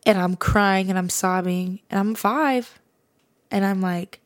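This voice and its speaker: A woman's voice: medium pitch, takes it slowly. A woman hosting a podcast, sharing a personal faith testimony in a casual, earnest way, often saying "like". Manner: casual, earnest, fills speech with "like". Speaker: podcast host.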